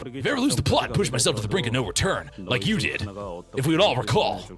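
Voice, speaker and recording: A man voicing a brooding, hot-tempered young man using rough British slang. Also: medium pitch, very animated, quick pace, music in the background, natural voice. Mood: proud. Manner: brooding, aggressive.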